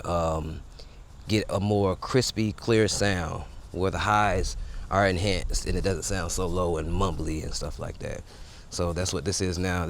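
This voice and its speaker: A man with a deep, gravelly voice rambles casually through a microphone sound check, speaking straight to his viewers. He is outdoors on a clip-on wireless mic, with a faint wash of ambient sound behind him. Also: a little hiss or hum. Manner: loose, rambling, addresses viewers directly. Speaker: gear reviewer. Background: faint ambience with people around.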